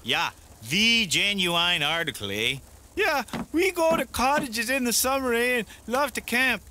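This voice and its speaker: Folksy canadian camper guy, high lively voice, cartoon, noisy background. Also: measured pace, heavily acted. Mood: friendly. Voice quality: drawling folksy, tacks on "eh" everywhere. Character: jolly Canadian camper man, chatty backwoods brother.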